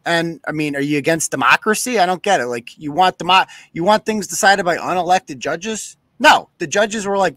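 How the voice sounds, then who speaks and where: A man's voice: a little high, moderate pace, few pauses, sharp tone, dry recording. A man hosting a live podcast, ranting sarcastically and cursing freely. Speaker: host.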